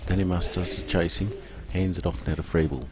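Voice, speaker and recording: Low voiced guy doing live play by play, gets shouty on goals. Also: brisk, a crowd in the background. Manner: rises to excited shouts at goals. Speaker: play-by-play commentator. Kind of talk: live sports commentary.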